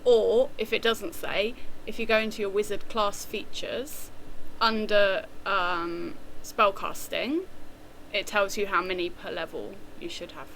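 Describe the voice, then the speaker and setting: Female player, helpful explainer with a bright, forceful tone and a little background hiss. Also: medium pitch, steady tone, a little slow, poor audio. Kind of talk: casual tabletop game chat.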